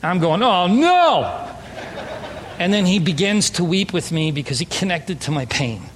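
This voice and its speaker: A man's voice: on the high side, a little fast, a little hiss or hum. A man preaching an emphatic, story-driven sermon as a pastor. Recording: long hall reverb.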